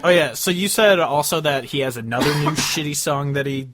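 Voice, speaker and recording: A man co-hosting a casual podcast, blunt and quick to laugh, swearing freely. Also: a little high, a crowd in the background. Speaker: podcast co-host. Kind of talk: casual chat.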